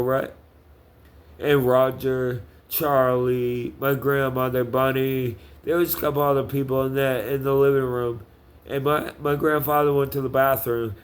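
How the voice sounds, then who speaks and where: A man talking slowly and deliberately in a heated personal monologue. His speech is profane and confrontational, full of halting restarts as he calls someone out. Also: medium pitch.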